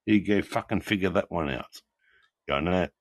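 A man's voice: deep voice, moderate pace, no echo. A slightly drunk man, chatting casually on an online call and swearing constantly as he rambles. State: a bit drunk. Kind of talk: casual chat.

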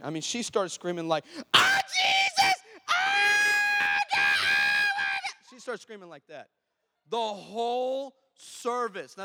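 A man, a pastor telling a story in a sermon, animated and acting out the people in it. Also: sits high. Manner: animated, acts out shouts and voices of people in his story. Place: church hall before a congregation.

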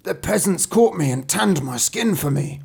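A man's voice: on the high side, lively intonation, moderate pace, vocal fry, darkish tone, breathy edge, pitched above the performer's own voice, exaggerated voice. A man voicing a greedy, clumsy wolf who whines and makes demands. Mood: whining. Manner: whiny and demanding.

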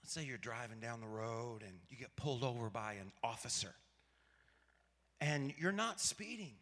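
A pastor from Arkansas, preaching a sermon in a conversational, storytelling way and asking the audience rhetorical questions. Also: male voice, mid-range voice, lively intonation, normal speed, fairly bright tone, big-room sound. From Arkansas, USA.

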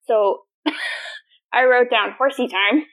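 Animated, laughing young woman podcaster. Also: on the high side, slow pace, rough recording. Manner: animated, laughing, acts out quoted lines. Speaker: podcast co-host. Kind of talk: casual chat.

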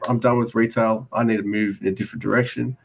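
A man's voice: fairly low pitch, level tone, fast talker, creaky. A man with an Australian accent co-hosting a podcast, chatting casually and rambling through a story, swearing freely. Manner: rambling, swears freely, acts out both sides of conversations. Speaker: podcast co-host. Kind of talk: casual chat.

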